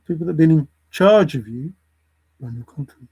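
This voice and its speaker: A man's voice: on the high side, lively intonation, moderate pace, mellow, breathy edge, low-quality recording. A man ranting to camera in a lecturing way, repeating his points for emphasis. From England. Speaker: vlogger. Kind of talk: opinion rant to camera.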